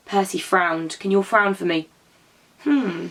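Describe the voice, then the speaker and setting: A woman who teaches drama to young children, telling a story and prompting them to act it out in an animated, encouraging way. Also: medium pitch, normal speed.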